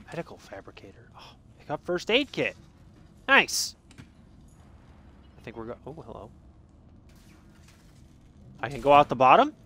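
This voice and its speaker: A jumpy, joking man talks his way through a video game in a bright, high-leaning voice. His pitch leaps around as he mutters under his breath and then yelps in surprise. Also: measured pace, pauses often, a little hiss or hum. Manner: excitable, jokey, swings from muttering to yelps. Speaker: gaming streamer. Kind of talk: let's play commentary.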